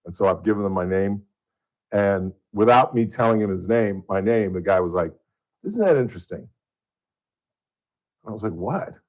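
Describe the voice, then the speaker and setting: A man's voice: on the low side, steady tone, brisk, darkish tone, low-quality recording. A man in his sixties hosting talk radio from a studio, telling rambling stories in casual chat. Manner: rambling storyteller. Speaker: radio host. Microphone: studio mic.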